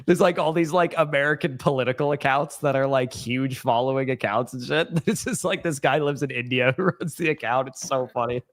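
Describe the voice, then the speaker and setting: A young man co-hosting a fantasy football livestream, talking in a laid-back, dry, calm way. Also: mid-range voice, brisk, hardly any pauses. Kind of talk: casual livestream chat.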